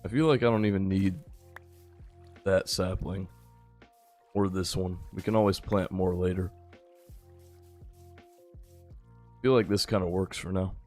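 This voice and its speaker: A tired young man giving relaxed, rambling live-stream commentary while he plays, chatting with his viewers. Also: low voice, measured pace, pauses often, faint music behind. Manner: laid-back, rambling, chats with viewers. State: a little tired. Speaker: gaming streamer.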